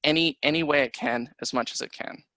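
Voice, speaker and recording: A man's voice: on the high side, fairly quick, pushed and bright, no room sound, poor audio. A man from Australia who is a council candidate, giving an impassioned campaign speech over a video call with pointed rhetorical questions.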